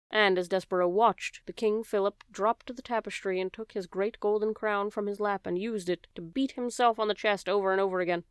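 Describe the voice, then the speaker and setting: A woman's voice: medium pitch, clean tone, no room sound, studio quality. A woman narrating a children's audiobook, telling the story and speaking directly to the reader.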